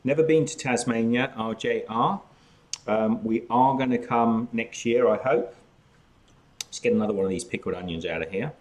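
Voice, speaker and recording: A man's voice: mid-range voice, moderate pace, a little mellow. An outgoing Australian man hosting a casual live chat, talking while snacking. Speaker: cooking channel host.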